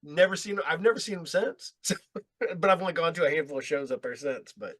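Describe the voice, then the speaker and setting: Male podcast host, tense bright tone, quick jumpy delivery. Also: a little high, expressive. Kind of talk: casual chat.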